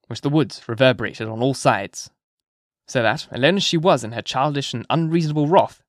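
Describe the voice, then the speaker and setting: A man narrating a classic novel as an audiobook in a measured, expressive reading. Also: medium pitch, no room sound, clean studio sound.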